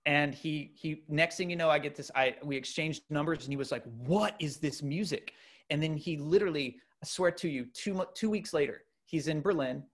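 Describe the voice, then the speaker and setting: A middle-aged man telling a long personal story in casual conversation, loose and animated with many fillers and restarts. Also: on the high side, fairly quick, few pauses.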